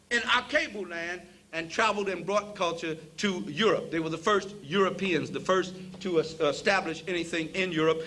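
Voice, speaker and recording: A man with a high-pitched, bright, forceful voice delivers a preacher-style lecture, emphatic and repeating phrases for emphasis. He addresses the audience as brothers and sisters, recorded in a roomy hall from away from the mic with faint background hiss.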